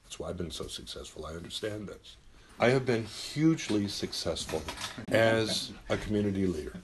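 Against a noisy background, a middle-aged talk show host with a lowish voice and lively intonation talks at a moderate pace. He offers blunt, emphatic advice in a casual monologue, full of swearing and acted-out quoted voices.

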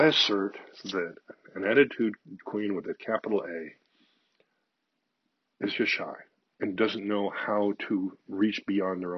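An older man speaks in a low, husky voice, frank and confessional, his storytelling sinking at times to a near-whisper. The sound is dry and close, with a muffled, lo-fi dullness. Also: dry recording. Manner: frank and confessional, swears casually, drops to near-whisper in stories. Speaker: speaker sharing personal views. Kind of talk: candid personal monologue.

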